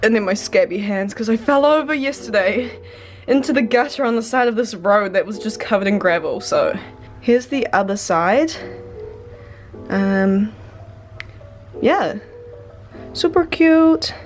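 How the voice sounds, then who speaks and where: A woman's voice: mid-range voice, moderate pace, faint music behind. A woman of about twenty chatting casually to her camera in a vlog, rambling and self-deprecating. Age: 20s. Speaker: vlogger.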